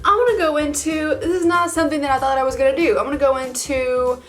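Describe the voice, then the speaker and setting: Chatty young woman with a bright, high voice. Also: little pitch movement, fast talker, soft background music. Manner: chatty and gushing, full of "like" fillers. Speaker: beauty vlogger. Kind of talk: casual get-ready-with-me makeup chat.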